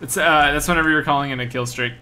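Bright, excitable young male streamer. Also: a little high, fast talker. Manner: energetic, exclaiming, repeats himself. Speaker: gaming streamer. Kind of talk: excited live gameplay commentary.

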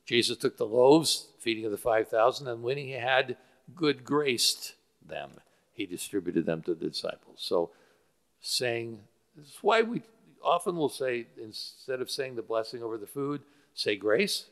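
A man's voice: mid-range voice, animated, a little slow, a bit bright. A male pastor preaching a sermon that explains Greek word roots, with frequent fillers. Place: church sanctuary. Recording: church hall with long reverb.

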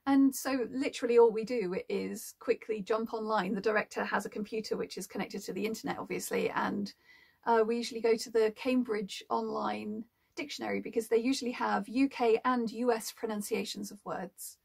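A woman's voice: fairly high pitch, fairly even intonation, a little fast, gravelly, a little mellow, slightly rough. A woman working as an audiobook narrator, explaining her work in a casual, thoughtful way with frequent ums. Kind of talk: casual explanatory talk to camera.

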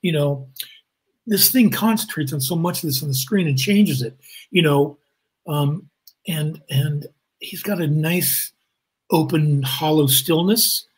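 A man, a guest actor and improviser, tells stories in an interview over a video call, animated and acting out the people he quotes. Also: fairly high pitch, unhurried, husky, poor audio. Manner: animated, acts out quotes in voices. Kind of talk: anecdotal interview storytelling.

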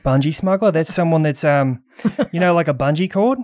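A man's voice: on the high side, fairly quick, a little mellow, dry recording, studio quality. A man comedian chatting as a guest, with short playful quips. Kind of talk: casual chat.

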